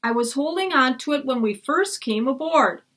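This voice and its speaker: Voicing a worried young boy in a storybook, a woman pitches her voice above her own natural range, sounding anxious. Her high voice is a bit bright, with lively intonation at a moderate pace.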